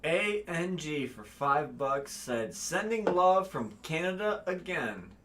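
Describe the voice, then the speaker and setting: High, bright-voiced man reading donations. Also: slow pace, slight background noise. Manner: animated, heartfelt storytelling. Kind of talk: casual livestream chat.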